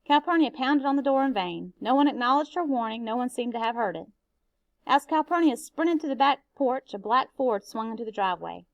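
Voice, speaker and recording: A woman, a teacher, reading a novel aloud in a steady, expressive way. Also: on the high side, fairly quick, no echo, highs cut off.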